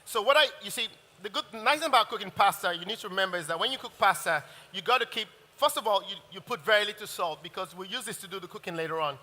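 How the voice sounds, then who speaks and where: Man, middle-aged, chef, very bright tone, chatty and laughing, reverberant hall. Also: high voice, animated, fast talker, few pauses. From Nigeria. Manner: chatty, laughing, restarts sentences. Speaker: chef giving a cooking demonstration. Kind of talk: live cooking masterclass.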